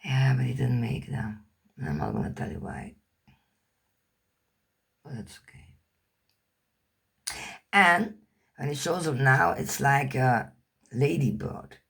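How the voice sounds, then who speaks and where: Gravelly, husky Dutch-speaking woman. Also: extremely low pitch, very animated, takes it slowly, pauses often, fairly bright tone. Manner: candid, rambling, swears casually, searches for English words. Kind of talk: personal storytelling to camera.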